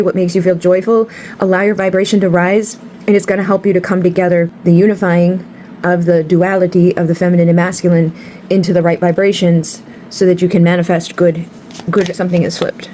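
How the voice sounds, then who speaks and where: A woman's voice: lowish voice, warm tone, a little hiss or hum. A woman giving a tarot card reading to camera, talking bluntly and passionately and swearing freely. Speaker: tarot reader.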